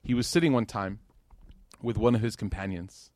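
A man's voice: lowish voice, moderate pace, a little mellow, no room sound, studio quality. A man giving an informal sermon at a religious gathering, talking conversationally with joking asides and growing emotional over scripture.

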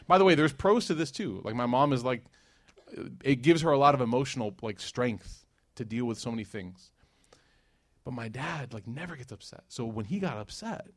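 Male preacher, middle voice, lively sermon delivery, dry close recording. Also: medium pitch, dry recording. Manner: lively storytelling with a quick rhythm, dropping into hushed asides. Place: talk to a live audience.

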